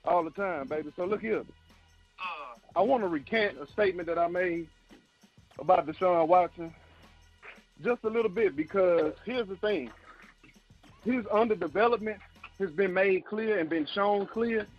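A caller rings into a sports talk show over a phone line, out of breath and pressing his point with emphasis. His high-pitched voice moves at a measured pace with frequent pauses, soft background music behind him. The call sounds dull and lo-fi.

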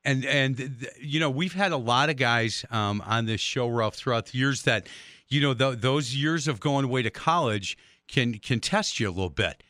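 A man hosting a radio interview, telling stories in an animated way with many restarts. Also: medium pitch, normal speed, no room sound, clean studio sound. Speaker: radio show host.

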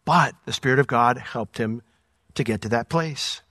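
A man teaching through a Bible passage verse by verse, swinging between loud emphatic points and quiet asides. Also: medium pitch, normal speed, dry recording, studio quality. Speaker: pastor.

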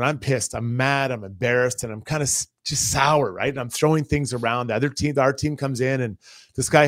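A man who used to play pro hockey, co-hosting a radio show and telling an animated locker-room story. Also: medium pitch, no echo, clean studio sound. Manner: animated, acts out quotes. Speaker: co-host, former hockey player. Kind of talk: casual storytelling.

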